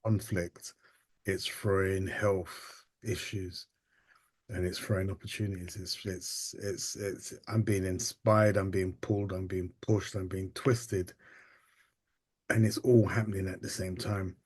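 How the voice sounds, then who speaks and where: Brief: male guest, very deep voice, dry close mic, thoughtful and halting. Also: little pitch movement, darkish tone, breathy edge, no room sound. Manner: halting and reflective, many ums and restarts. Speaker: interview guest, photographer and artist. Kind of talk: casual interview storytelling.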